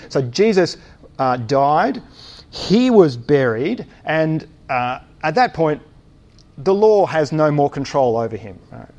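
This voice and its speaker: A man's voice: fairly high pitch, darkish tone. A man preaching a sermon in a church, thinking aloud with many uh's and restarts and posing rhetorical questions.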